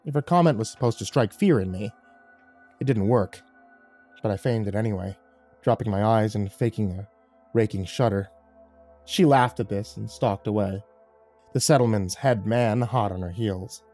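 A man's voice: fairly low pitch, moderate pace, pauses often, warm tone. A man reading a horror story aloud in a dramatic storytelling manner. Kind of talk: scripted horror narration. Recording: faint music underneath.

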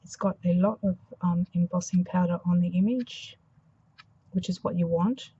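A woman with an Australian accent, slightly hoarse after a flu, demonstrating a craft project in a soft, mumbling, thinking-aloud way. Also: fairly low pitch, fairly even intonation, normal speed, dull audio, slight background noise. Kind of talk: casual craft tutorial.

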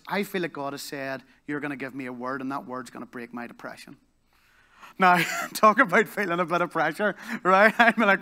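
A Northern Irish man preaching at a church service. His voice is bright and fairly high for a man, and it swings from animated storytelling to a soft, slow hush. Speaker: pastor. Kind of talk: sermon. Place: church service in a leisure complex hall.

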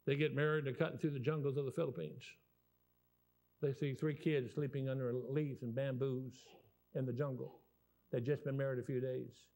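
A man in his sixties with a Southern US accent preaches a sermon as a guest preacher, telling folksy, animated stories full of rambling restarts. His voice is medium-pitched at a normal speed.

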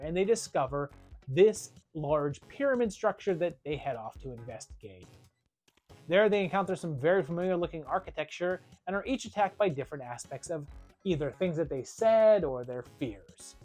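A reviewer narrating a scripted video about horror films, with a brisk and wry delivery. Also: medium pitch, a little mellow.

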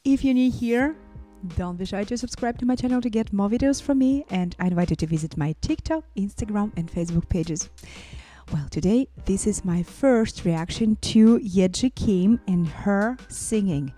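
A woman vocal coach talks through her reaction to a singer in a casual, excitable way, breaking into frequent exclamations. Her voice sits at an ordinary middle pitch, with faint music playing quietly behind her. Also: normal speed. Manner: enthusiastic, exclaims often.

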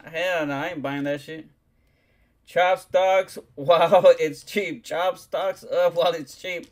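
A man's voice: fairly high pitch, fairly even intonation, slow. A man, chatting casually on a livestream, rambling and swearing in heavy slang. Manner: profane, slangy, rambling, keeps saying "dog".

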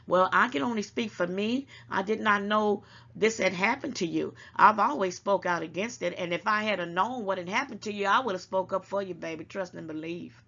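A woman with a gravelly, fry-heavy voice gives casual, emphatic commentary straight to her viewers. She lectures a little as she talks and keeps calling them baby. The sound is dull and lo-fi. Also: medium pitch, fairly quick, bright, forceful tone. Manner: emphatic and preachy, calls listeners baby. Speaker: channel host.

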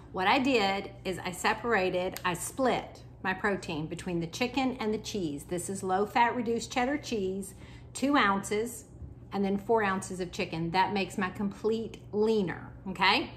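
A woman's voice: medium pitch, a little slow, slight background noise. A woman, a health coach chatting casually through a cooking vlog at home, talking while she eats. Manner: chatty, talks while eating.

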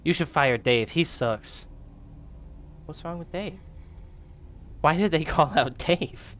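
A man's voice: on the high side, expressive, takes it slowly, long pauses, a bit bright, slight background noise. A young man playing a horror game on his channel, chatting casually, swearing and laughing as he reads in-game notes aloud. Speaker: gaming YouTuber. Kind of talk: let's play commentary.

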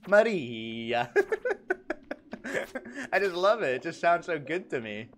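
A young man streaming a game, chatting casually with his viewers in a joking, animated way and laughing often. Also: a little high, fairly quick. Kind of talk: casual livestream chat, reacting to chat.

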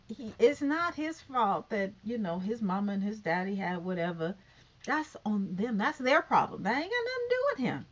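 A talkative woman vlogging in a casual, rambling way, with a higher voice that swings up and down a lot. She piles up fillers and asides as she airs her opinions. The sound is dull and lo-fi. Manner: rambling, animated, many fillers. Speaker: YouTuber commenting on a talk show. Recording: dull lo-fi recording.

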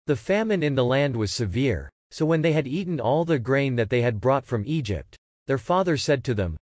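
A man reading a Bible text aloud in a measured, clear scripted narration for a church lesson. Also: mid-range voice, sing-song, darkish tone, no room sound, studio quality. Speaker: scripture reader.

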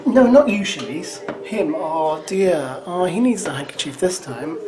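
A man's voice: on the high side, lively intonation, normal speed, few pauses. A man giving teasing, sarcastic running commentary as he reacts to a show. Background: show soundtrack music.

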